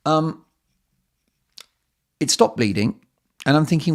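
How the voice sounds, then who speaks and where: A man's voice: medium pitch, animated, normal speed, creaky, a little mellow. A middle-aged man hosting a solo podcast, telling stories in a chatty, self-mocking way with playful asides. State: slightly lightheaded. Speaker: podcast host. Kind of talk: casual solo podcast monologue.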